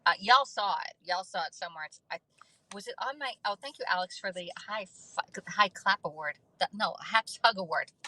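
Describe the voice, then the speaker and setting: A woman's voice: medium pitch, sharp tone, poor audio. A middle-aged woman hosting a casual livestream, chatting and thanking viewers by name between laughs. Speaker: livestream host.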